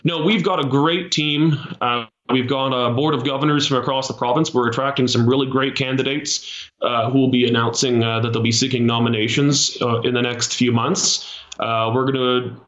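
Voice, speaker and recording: A man's voice: mid-range voice, fairly even intonation, a bit bright. Man speaking from a roomy, muffled line. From Canada. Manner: measured, with frequent uh fillers and restarts. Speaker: party leader, politician. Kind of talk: political interview.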